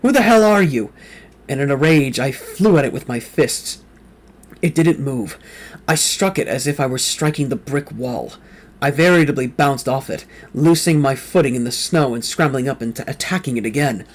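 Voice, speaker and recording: A man reading a novel aloud in the first person with dramatic intensity, sometimes slipping and correcting himself mid-sentence. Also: medium pitch. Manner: reads with rising intensity, quoted lines shouted or whispered; occasional slips and self-corrections mid-sentence. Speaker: fan reader of a novel.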